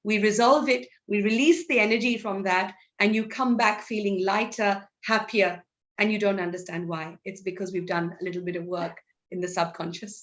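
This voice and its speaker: A woman's voice: medium pitch, steady tone, fast, fairly bright tone, muffled recording. A woman from Assam with an Assamese accent, a psychology counsellor explaining her work in an interview, switching between English and Assamese. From Assam, India. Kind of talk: interview answers.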